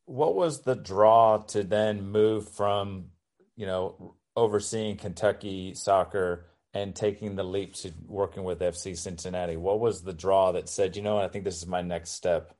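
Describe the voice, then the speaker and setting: A man's voice: deep voice, a little slow, a little mellow. A man interviewing a coach, asking long, multi-part questions. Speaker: podcast interviewer.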